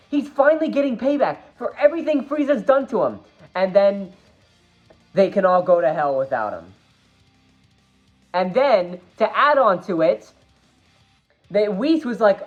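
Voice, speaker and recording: A woman giving an animated fan review of a film, emphatic and exasperated, with her voice leaping up when she gets upset. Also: on the low side, normal speed, highs cut off, faint music behind.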